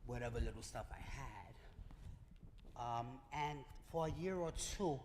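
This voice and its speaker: A man stands before a live audience and tells his personal story in a keynote, voicing each exchange as he goes. His mid-pitched voice rings through a long hall reverb over steady background noise. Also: unhurried. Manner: lively, acts out dialogue in his story. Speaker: keynote speaker.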